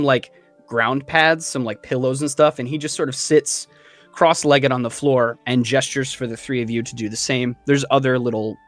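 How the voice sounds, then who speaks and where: A man narrating a tabletop game as game master in a relaxed, loose way. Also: mid-range voice.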